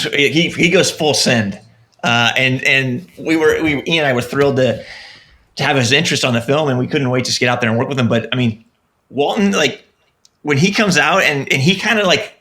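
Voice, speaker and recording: A film director answering as a podcast guest, earnest and halting, restarting his sentences often. His voice is bright and forceful at an ordinary pitch. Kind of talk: casual interview chat.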